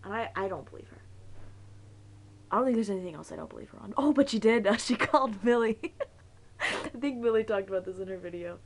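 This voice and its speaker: A woman's voice: medium pitch, expressive, brisk, pauses often, poor audio. Young woman vlogging, rambly and giggly, keeps losing her train of thought. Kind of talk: casual chat.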